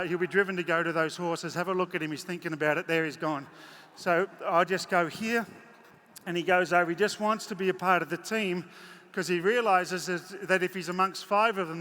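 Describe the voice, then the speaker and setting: A man's voice: sits high, pushed and bright. A man giving a live horse-training demonstration in a large arena, chatting folksily and doing playful voices for his horses. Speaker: horse clinician. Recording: echoey arena with faint crowd noise.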